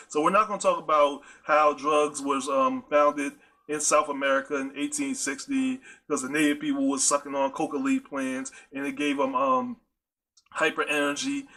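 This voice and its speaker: A man's voice: a little high, pushed and bright. A man hosting a podcast, speaking in a casual, chatty monologue that addresses his listeners directly and often repeats himself with playful asides. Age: adult with a high-school-age nephew. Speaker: podcast host.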